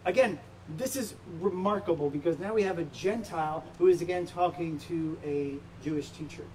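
A man's voice: fairly high pitch, moderate pace, a little mellow. A man pastor preaching a sermon to his church, emphatic, with rhetorical questions. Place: church sanctuary. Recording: distant mic with faint background noise.

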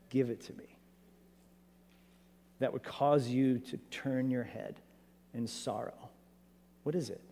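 A man preaching a sermon as pastor, animated and conversational, asking his church many rhetorical questions. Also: mid-range voice, in a large hall.

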